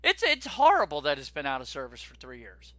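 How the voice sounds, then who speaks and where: An animated man chatting and joking through theme park news on a podcast. His voice sits high and sounds very bright and forceful. The recording is dry and a bit dull. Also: fairly quick, dry recording. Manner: animated, joking, swears casually, keeps addressing his co-host. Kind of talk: casual chat.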